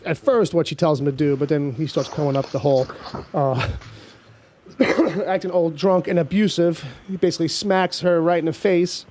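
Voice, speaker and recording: A man's voice: a little high, moderate pace, a little mellow, slight background noise. A man hosting a casual TV recap podcast, rambling with lots of fillers and acting out the scenes he describes. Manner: rambling, fills with "um" and "like", acts out scenes. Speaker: podcast host.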